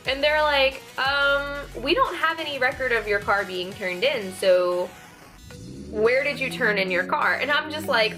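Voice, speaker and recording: Young woman vlogger, bright and animated, exasperated storytime rant, faint music bed. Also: medium pitch, moderate pace. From Texas, USA. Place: room at home.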